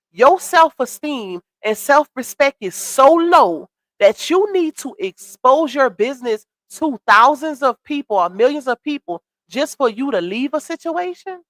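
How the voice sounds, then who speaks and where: A woman's voice: high voice, a bit bright, no room sound. Congested woman sassily commenting on a stream. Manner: sassy, chatty, greets chat viewers. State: congested with a cold. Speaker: live stream host. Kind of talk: casual commentary live stream.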